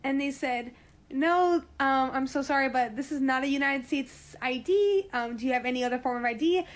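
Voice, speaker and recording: A woman's voice: high voice, a little fast. A woman telling a casual anecdote, incredulous throughout. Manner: incredulous storyteller.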